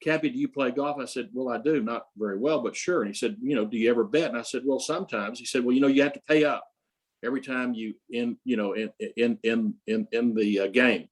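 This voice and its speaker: A man's voice: medium pitch, fairly quick, few pauses, slightly rough, low-quality recording. An older man, an interview guest, telling rambling stories full of quoted dialogue, with frequent restarts. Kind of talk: casual storytelling.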